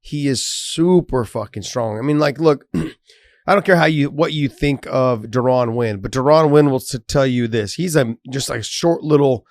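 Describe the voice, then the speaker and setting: A man's voice: mid-range voice, moderate pace, dry recording, studio quality. A man co-hosting a sports podcast in loose, casual chat, swearing freely. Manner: loose, swears casually, reads sponsor promo. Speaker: podcast co-host.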